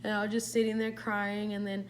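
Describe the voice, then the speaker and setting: A woman's voice: mid-range voice, monotone, fairly quick, slight background noise. A young woman telling a personal story in a casual vlog, rambling with lots of "like" and slipping into Spanish words. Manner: rambling, heavy use of "like", slips into Spanish. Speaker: vlogger.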